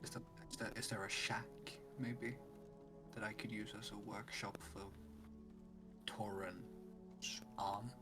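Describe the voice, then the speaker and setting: A man playing a tabletop game over an online call, speaking hesitantly with halting restarts. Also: on the low side, little pitch movement. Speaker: player. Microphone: home mic on an online call. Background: background music.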